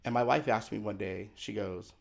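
Here the same kind of speaker, a middle-aged male podcast guest, talks in a lowish, creaky voice at an ordinary speed. Telling something from his own life, he stays earnest, emphatic and confessional, voicing the remembered conversations himself.

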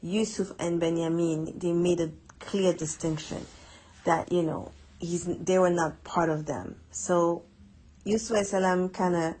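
A woman with a low, husky voice talks through a Quran reflection lesson. She is earnest and chatty, and she repeats words to stress a point. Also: steady tone, a little slow, a little mellow, poor audio. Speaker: Quran teacher.

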